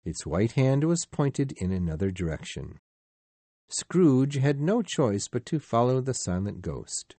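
A man reading a storybook aloud in a slow, measured, expressive way. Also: medium pitch, dry recording. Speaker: narrator.

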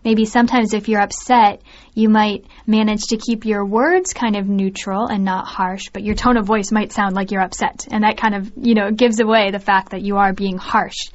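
A woman with a mid-pitched voice co-hosts the discussion, explaining ideas and defining words in a careful, measured way. The sound is slightly muffled and lo-fi. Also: level tone. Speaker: co-host. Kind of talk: scripted learner podcast discussion. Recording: dull lo-fi recording.

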